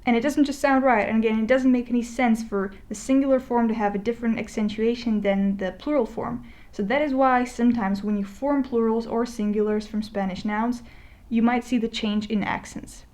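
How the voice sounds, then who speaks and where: A woman's voice: on the high side, fairly even intonation, a little mellow. Chatty woman teaching Spanish plurals. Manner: conversational, with many fillers and restarts, slowing to spell out example words. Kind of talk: explaining a lesson over a digital whiteboard. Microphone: voice-over recording.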